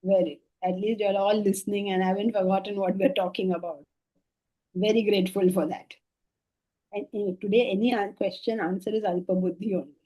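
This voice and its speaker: Middle-aged woman, lecture-hall teacher, mellow tone, animated and questioning. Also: mid-range voice, fairly quick. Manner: animated, questioning, shifts between soft and emphatic. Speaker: Vedanta teacher. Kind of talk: scripture class lecture. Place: classroom with listeners.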